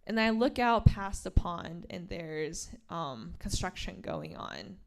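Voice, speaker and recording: A woman author reading from her graphic memoir and explaining its pages, a lively storyteller who acts out the quoted lines. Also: on the low side, slow pace, vocal fry. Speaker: author at a bookstore event.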